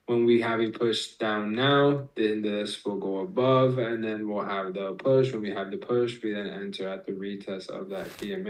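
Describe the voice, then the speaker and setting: A man's voice: on the low side, poor audio. A man streaming live, talking a chat through chart setups and trade entries, swearing freely and calling out viewers. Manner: explains chart setups step by step. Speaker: trading streamer.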